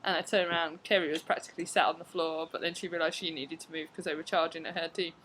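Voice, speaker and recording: A young woman tells stories to her camera from home. Her voice sits a little low, and she keeps the talk loose and chatty, full of fillers and played-out reactions. A faint hiss hangs behind her. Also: steady tone, fast talker, a bit bright, low-quality recording. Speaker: vlogger. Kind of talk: casual storytelling to camera. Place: at home, indoors.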